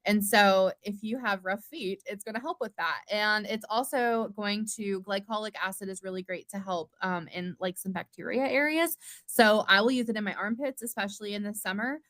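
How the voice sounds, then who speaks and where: A woman's voice: medium pitch, normal speed, fairly bright tone, no room sound. A woman chatting casually and bubbly about skincare as a co-host. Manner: bubbly, chatty, self-deprecating. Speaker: skincare business leader, co-host. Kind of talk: casual livestream chat.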